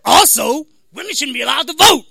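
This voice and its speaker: A man doing a slow, stretched-out rice-commercial announcer voice in a stand-up comedy set. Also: very high voice, expressive, vocal fry, voice pushed up, heavily acted. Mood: booming. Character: booming drawn-out male rice-commercial announcer.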